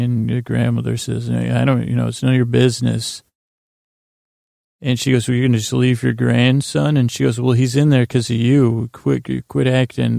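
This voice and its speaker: Male podcast host, heavy vocal fry, flat monotone, rambling scene-by-scene recap, dry close mic. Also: dry recording. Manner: rambling and meandering, many fillers and restarts; mumbling, low-key delivery. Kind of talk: casual sleepy recap, paraphrasing scenes.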